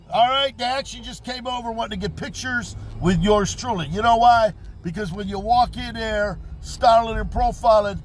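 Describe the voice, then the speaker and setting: Hosting a live stream outside, a man in his fifties brags in a swaggering, repetitive monologue; his voice is very high-pitched and a bit bright.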